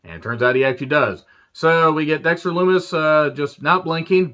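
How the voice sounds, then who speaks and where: A man's voice: a little high, a little fast, bright, forceful tone, highs cut off. A man casually reviewing a wrestling show on his own, crude and joking, often drifting off on tangents. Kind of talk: casual solo review monologue.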